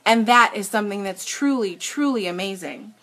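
A young adult woman sells makeup on a live stream, talking emotionally and earnestly to viewers and often restarting her sentences. She records on a tablet, and her medium-pitched voice is a bit bright at a normal speed.

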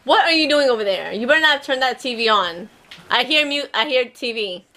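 Brief: young woman vlogging at home, high and lively voice, teasing and laughing between lines. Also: fairly quick. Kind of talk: casual family vlog chat. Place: home at night.

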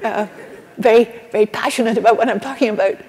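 Older Scottish woman, keynote speaker, fairly high voice, earnest, long hall reverb. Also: fast. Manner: warm, earnest, with restarts and asides. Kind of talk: conference keynote lecture. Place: conference hall.

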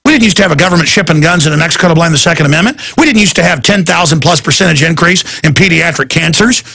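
A man's voice: fairly high pitch, animated, fast, vocal fry, bright, forceful tone, breathy edge. A man hosting a talk radio show, delivering a heated, rambling and indignant monologue.

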